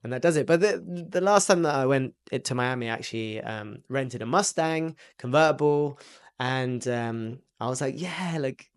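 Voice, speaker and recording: A man's voice: mid-range voice, normal speed, clean tone. A young man with an English accent rehearsing a stand-up routine, telling stories in a rambling way with lots of fillers. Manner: rambling, filler-heavy storytelling. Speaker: aspiring comedian and rapper.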